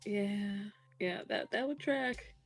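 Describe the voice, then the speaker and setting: A woman's voice: mid-range voice, slow, gravelly, soft background music. A woman playing a tabletop game, playful and a little hesitant. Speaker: player. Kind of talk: tabletop role-play.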